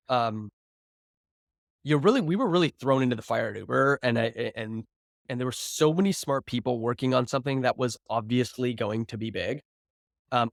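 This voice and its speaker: A man's voice: mid-range voice, gravelly, no room sound, studio quality. A man in his thirties, a founder guest on a podcast, telling stories in a chatty, loose way, full of "like" and restarts. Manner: chatty, filler-heavy, frequent "like" and restarts. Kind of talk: casual storytelling interview.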